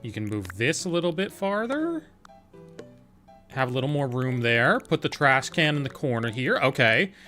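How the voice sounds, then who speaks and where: A man streaming a game, talking through each step in a loose, playful way as he decides what to do next. His voice sits at an ordinary middle pitch, with faint game music behind him. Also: very animated, moderate pace, pushed and bright. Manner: thinking aloud, chatty and playful, answering chat. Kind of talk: casual gameplay commentary.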